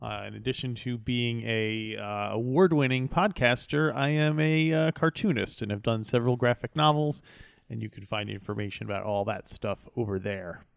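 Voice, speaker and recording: A man's voice: medium pitch, normal speed, vocal fry, clear, resonant tone, dry recording, studio quality. A man appearing as a guest on a podcast, joking and encouraging. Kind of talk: casual chat.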